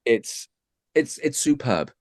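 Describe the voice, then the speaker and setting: A man talking as a guest on a podcast, chatty and self-mocking, dropping into quick impressions. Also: mid-range voice, big pitch swings, dry recording, clean studio sound. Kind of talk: casual chat.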